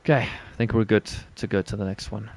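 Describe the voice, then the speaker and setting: While playing a racing game, a gaming streamer rambles through jokey, crude commentary. His voice is fairly low, steady, brisk and darkish.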